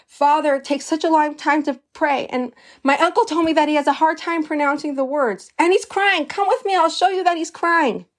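A woman voicing an excited young boy who pleads with his mother in a high, urgent voice during a religious lesson. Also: normal speed, lightly acted.

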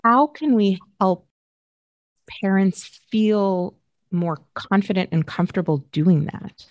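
A woman hosting an interview, asking thoughtful, measured questions. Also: medium pitch, darkish tone, no room sound, muffled recording. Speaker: podcast host. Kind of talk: interview conversation.

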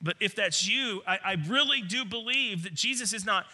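A man's voice: high voice, moderate pace, pushed and bright. A man preaching a sermon, earnest and emphatic, often restarting his words. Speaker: pastor.

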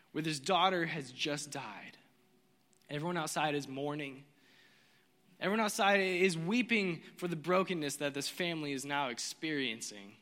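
A man preaching a sermon in a dramatic, casual way, dropping from loud, quick bursts to low, slow lines and slipping slang into his preaching. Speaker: pastor. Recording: long hall reverb.

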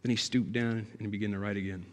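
A man preaching a sermon in a church, emphatic and building to loud, passionate peaks. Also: lowish voice, steady tone, quick pace. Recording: long hall reverb.

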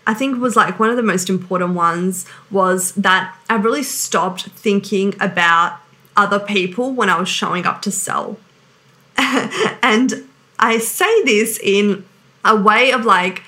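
A woman's voice: medium pitch, pushed and bright. A woman in her thirties, a sales coach, giving an earnest, emphatic motivational business talk full of "like". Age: 30s. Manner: earnest and emphatic, heavy use of "like".

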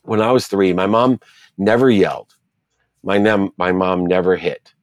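A man's voice: low voice, unhurried, dry recording, clean studio sound. A middle-aged man, an interview guest, telling his life story in an earnest, reflective way and stacking repeated phrases.

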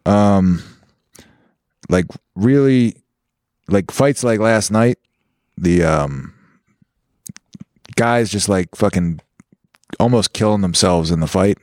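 A man in casual podcast chat, speaking in a low-key, halting way with deadpan quips. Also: no room sound, clean studio sound.

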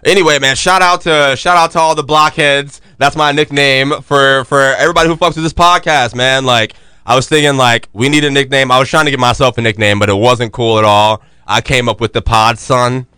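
A young man hosting a podcast, chatting casually with friends in an excited, joking way full of slang. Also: medium pitch, fairly quick, clean tone, dry recording, clean studio sound. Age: young adult. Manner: hyped, joking, talks with lots of slang. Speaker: podcast host. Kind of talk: casual chat.

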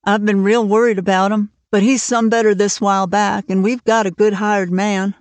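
A woman's voice: mid-range voice, flat delivery, normal speed, darkish tone, no echo, natural voice. A woman reading the part of a stern, worried older farm woman who speaks plainly and bluntly, for an audiobook. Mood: troubled.

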